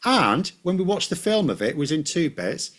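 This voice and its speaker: A man's voice: on the high side, sing-song, normal speed, a bit bright. A British man guesting on a live stream, arguing bluntly and dryly against popular opinion. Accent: British English. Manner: blunt, contrarian, dry. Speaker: guest commentator. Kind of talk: casual debate on a live stream.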